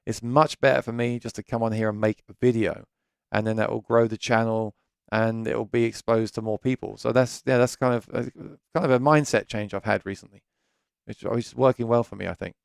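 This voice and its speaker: A chatty British man talks through a live stream from his home studio, restarting sentences as he goes. His voice is smooth and resonant with a gravelly edge. The sound is dry and close, with no room echo. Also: medium pitch, steady tone, fairly quick. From Britain. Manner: chatty, rambling, self-correcting. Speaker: gear channel host.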